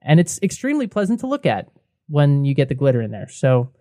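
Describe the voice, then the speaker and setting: A man's voice: a little high, huge pitch swings, brisk, warm tone, no echo, studio quality. A young man co-hosting a casual beer podcast, chatty and laughing often. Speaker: podcast co-host. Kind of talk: casual beer review chat.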